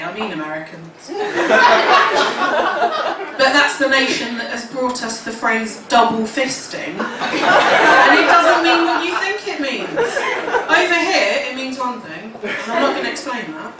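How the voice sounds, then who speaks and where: A woman in her thirties doing stand-up, her lively voice bouncing around with a fairly high pitch. She rambles, swears and mocks herself. The recording is echoey and distant, with a loud crowd and noise behind her. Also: measured pace. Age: 30s. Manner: swearing, rambling, self-mocking delivery. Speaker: stand-up comedian. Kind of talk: stand-up comedy set. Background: laughing audience, noise.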